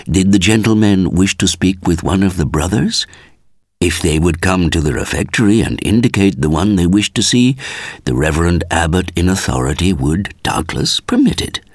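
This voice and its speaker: A man reading a story aloud as scripted narration, measured and expressive. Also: low voice, no room sound. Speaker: audiobook reader.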